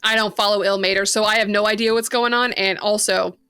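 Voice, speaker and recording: A woman's voice: medium pitch, steady tone, fairly quick, pushed and bright, clear, resonant tone. A woman player at a tabletop game who talks hesitantly and keeps restarting her sentences. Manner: hesitant, stumbling, restarts often. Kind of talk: casual tabletop game chat.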